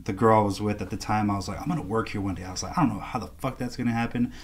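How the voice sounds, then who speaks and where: A man's husky, fairly low voice rushes along very fast as he tells a story. He's an artist appearing as a podcast guest, casual and animated, performing the other people's words.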